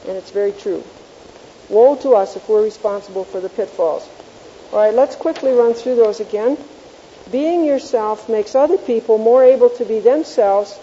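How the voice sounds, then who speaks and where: Dark-voiced woman teaching a Bible class. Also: on the high side, long reverb tail. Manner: homely storytelling with self-mocking chuckles; quizzes the class on the points. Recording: dull lo-fi tape with faint hiss.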